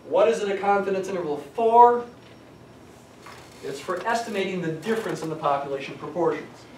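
Middle-aged male teacher, chatty and wry, slightly high voice, faint room noise. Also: expressive, brisk, a little mellow. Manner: chatty, digressive, dry humor. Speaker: statistics lecturer. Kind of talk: classroom lecture. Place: lecture classroom. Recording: echoey classroom from a distance.

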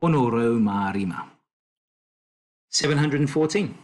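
A man tutoring a language lesson, explaining slowly and patiently with fillers and self-corrections. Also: medium pitch, lively intonation.

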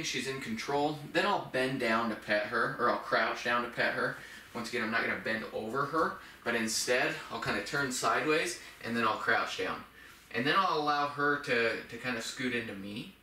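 A man, a dog trainer, talking casually about a puppy's training in a relaxed, explanatory way. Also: medium pitch, roomy sound, recorded from a distance, slight background noise, low-quality recording. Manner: relaxed, explanatory, with frequent restarts and fillers. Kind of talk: casual instructional talk.

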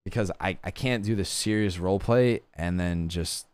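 A man's voice: deep voice, normal speed, a little mellow, smooth, no echo. A young man chatting casually as a guest, rambling with lots of fillers and casual swearing. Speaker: guest streamer. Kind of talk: casual chat about roleplay gaming.

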